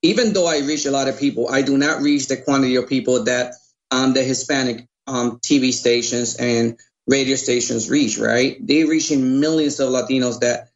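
A man's voice: mid-range voice, fairly even intonation, normal speed. A man from Puerto Rico, a radio broadcaster, explaining his view persuasively as an interview guest. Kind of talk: casual interview talk. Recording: muffled lo-fi audio.

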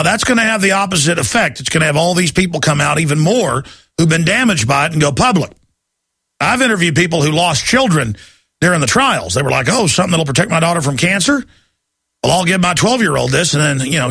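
A man's voice: a little high, creaky, bright, forceful tone, husky, no echo. A man hosting a talk radio show, delivering an urgent, pleading monologue.

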